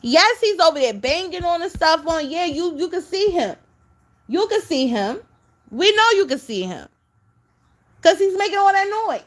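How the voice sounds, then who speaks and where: A woman's voice: very high-pitched, very animated, moderate pace. A woman giving casual reaction commentary, scolding and exasperated as she talks straight at the person she criticizes.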